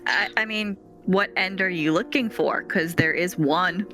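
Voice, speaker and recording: A woman's voice: on the low side, measured pace, a bit bright, soft background music. A woman playing a tabletop horror game, blunt and casual. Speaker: player.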